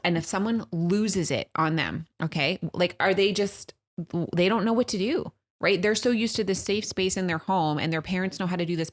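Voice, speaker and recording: This casual podcast conversation features a thirty-something female co-host whose voice sits notably low. Her storytelling is animated, and whenever she quotes her children or herself, she slips into brief impersonations.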